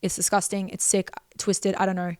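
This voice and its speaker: A woman's voice: mid-range voice, level tone, normal speed, a little mellow, clear, resonant tone, no room sound, studio quality. A young Australian woman telling a personal story with intense, profane emphasis and repeated phrases. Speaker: vlogger.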